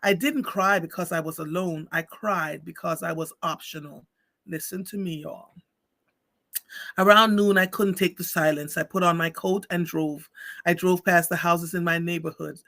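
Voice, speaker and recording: A man hosting a livestream, reading a story aloud slowly and with feeling, then chatting with viewers. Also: fairly high pitch, fairly even intonation, vocal fry, sharp tone, no echo. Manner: slow, heartfelt reading with dramatic pauses. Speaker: livestream host.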